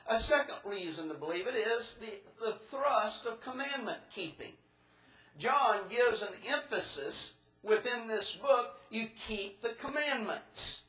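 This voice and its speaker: A preacher delivers a methodical, step-by-step sermon in a high, bright man's voice. The sound rings through a roomy church hall, and he works through each point like a teacher. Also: expressive, measured pace. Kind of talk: expository sermon.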